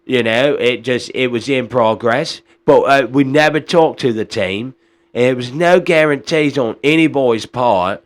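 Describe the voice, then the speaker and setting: A man putting on a mock British accent to play a smooth-talking male boxing promoter who waves off questions breezily. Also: medium pitch, measured pace, natural voice. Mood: dismissive.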